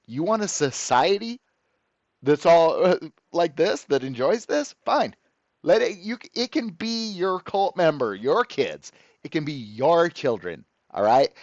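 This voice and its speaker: A man's voice: on the high side, a little mellow, dry recording, dull audio. A man ranting to the camera as host of his own channel, profane, sarcastic and exasperated.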